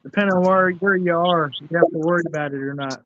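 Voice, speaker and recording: A man's voice: a little high, fast talker, fairly bright tone, no room sound, dull audio. A man hosting a casual chat, mostly giving short, agreeable replies. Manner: agreeable, brief backchannel replies.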